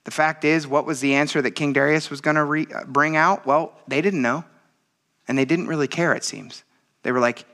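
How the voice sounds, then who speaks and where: Bright, lively man preaching. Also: mid-range voice, moderate pace. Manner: conversational, animated storytelling with laughs. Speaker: pastor. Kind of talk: sermon.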